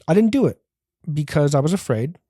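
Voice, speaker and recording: A man's voice: fairly high pitch, very animated, brisk, warm tone, dry recording, studio quality. A man, a comedian hosting his own podcast, rambling through a profane, self-mocking solo rant.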